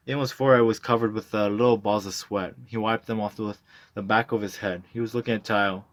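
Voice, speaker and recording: Low-voiced man reading a novel. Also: steady tone, dry recording. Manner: plain measured narration with small stumbles. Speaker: reader.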